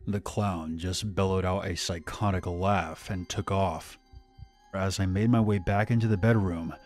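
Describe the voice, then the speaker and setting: A man reads a scripted horror story aloud in a steady, measured voice. His voice sits on the low side. Faint music plays underneath. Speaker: narrator.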